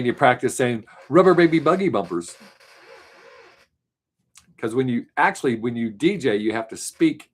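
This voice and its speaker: Chatty man rambling on a live stream. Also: mid-range voice. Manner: rambling, thinks aloud, trails off. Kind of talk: casual chat answering viewer questions.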